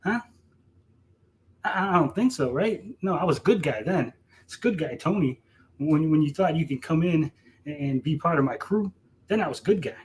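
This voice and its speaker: A man's voice: a little high, lively intonation, moderate pace, long pauses, rough recording. A man delivering a heated, profane callout rant to camera, repeating himself and mocking his target. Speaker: streamer.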